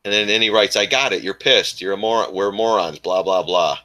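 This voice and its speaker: A man hosts a casual live stream, chatting loosely and ranting with frequent laughs. His voice sits on the low side but comes across bright and forceful. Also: fairly quick.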